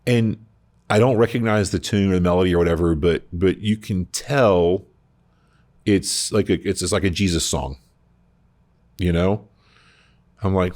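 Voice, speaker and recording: A man co-hosting a faith podcast, telling travel stories in an animated, rambling way. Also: deep voice, normal speed, dry recording. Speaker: podcast co-host. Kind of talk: casual storytelling chat.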